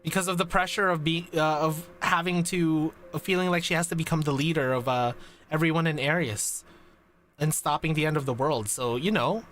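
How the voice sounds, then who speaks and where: A man's voice: fairly high pitch, a bit bright. A man streaming a live reaction to a game story, talking emotionally and stammering as he gushes.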